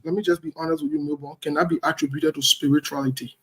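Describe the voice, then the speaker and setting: A man's voice: on the high side, sing-song, quick pace, gravelly, crowd noise. A man giving heated, blunt political commentary, repeating his points emphatically.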